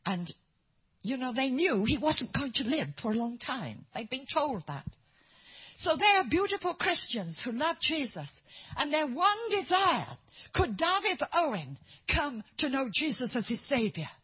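Breathy woman preacher, lively storytelling. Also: sits high, a little slow. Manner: dramatic, drops to whispers for emphasis. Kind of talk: sermon storytelling. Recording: dull lo-fi recording.

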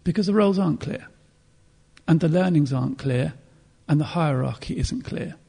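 A man preaching a sermon in an earnest, reflective way, pausing to clear his throat and restart phrases. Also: a little high, warm tone.

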